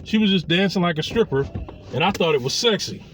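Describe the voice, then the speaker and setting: A high-voiced man tells a personal story loosely and casually, speaking a little fast in an expressive, fairly bright tone. His pitch swings widely as he slips into the voices of people he quotes, with faint noise behind him.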